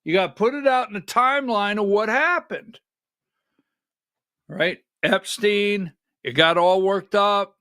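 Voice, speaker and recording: A middle-aged man hosting a livestreamed political commentary show, talking in an animated, rhetorical way, often asking "right?" and rising to near-shouting when worked up. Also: sits high, a little slow, smooth, no room sound, studio quality. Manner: talks while fumbling with on-screen clips.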